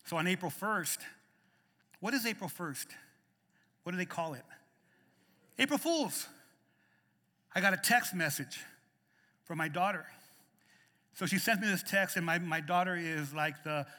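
Male pastor, middle-aged, sermon, bright forceful voice, somewhat high, echo of a church hall. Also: normal speed, pauses often. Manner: emphatic, repeats words when starting phrases. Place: church sanctuary.

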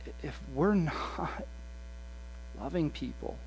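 Male preacher, passionate sermon delivery, fairly high voice, faint hum behind. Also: slow, low-quality recording. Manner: impassioned, swings from hushed to loud animated quoting.

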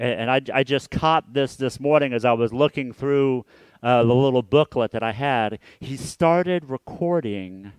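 A pastor delivers a reflective sermon, often repeating words and letting his phrases trail off softly. His mid-range voice is clean and carries no echo.

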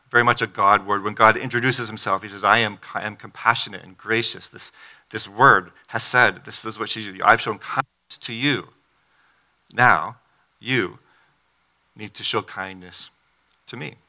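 A middle-aged pastor preaches a conversational sermon, acting out the quotes from the story as he reads. His voice is lowish and sharp in tone, with fairly even intonation and a moderate pace.

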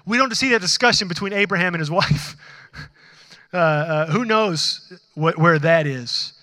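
High bright-voiced pastor preaching. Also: male voice, moderate pace, no room sound, studio quality, in a large hall. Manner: conversational, asks the congregation questions; acts out dialogue with God in animated bursts. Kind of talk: sermon.

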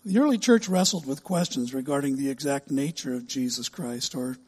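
A pastor preaching a sermon, measured and emphatic, stretching key words slowly for the congregation. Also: male voice, medium pitch, husky, big-room sound.

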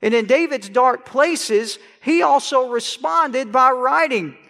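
A middle-aged man preaching a sermon as pastor, animated and dramatic, crying out scripture lines. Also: very high voice, slow, gravelly. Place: church sanctuary. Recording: long hall reverb in church.

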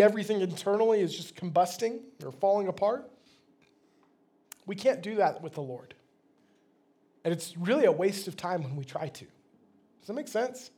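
A man's voice: sits high, warm tone. A man, a pastor, delivering a sermon in a conversational, plain-spoken way.

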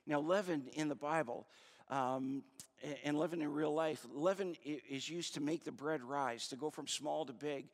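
A man's voice: on the high side, normal speed. Conversational male pastor in an echoey hall. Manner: conversational, searching, with many fillers. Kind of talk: sermon. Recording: long reverb of a large hall.

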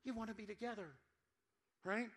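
A male pastor delivers a sermon in a church, with a high-pitched voice. He tells stories in an animated, joking way and talks straight to the congregation. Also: brisk. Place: church sanctuary.

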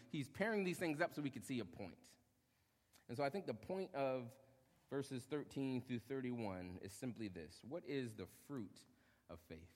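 A young adult male pastor preaching a sermon, lively, acting out short quotes and joking with the congregation. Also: mid-range voice. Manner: animated, acts out short quotes, jokes with congregation. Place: church hall. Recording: long hall reverb.

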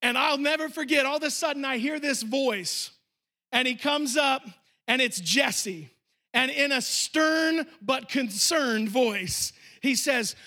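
In a church, a male pastor with an extremely high, sharp voice preaches a sermon at a slow pace. He tells a story emphatically and speaks directly to the congregation.

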